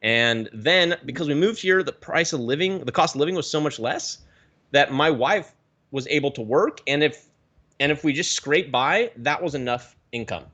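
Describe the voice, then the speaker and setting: A man from the Pacific Northwest, a guest telling his story in a rambling, animated way with many restarts, on a video call. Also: a little high, moderate pace, dull audio. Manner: animated, rambling, self-correcting. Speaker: guest, aquarium YouTuber.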